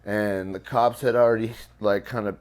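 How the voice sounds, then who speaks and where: An interviewed man shares a personal story in a smooth, lowish voice with a steady tone and normal pace. The telling is relaxed and profane, peppered with fillers.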